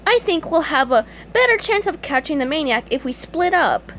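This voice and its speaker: A woman reading aloud and voicing a cheerful, eager sea sponge boy in an excited, self-important way. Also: high voice, moderate pace, a little hiss or hum, voice pushed up.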